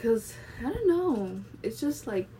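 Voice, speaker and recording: A woman's voice: fairly high pitch, big pitch swings, unhurried, warm tone, slight background noise. A young woman vlogging in a casual, rambling way, filling her talk with constant fillers. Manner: rambling, filler-heavy, chatty. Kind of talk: casual monologue vlog. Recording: voice a bit distant from the mic.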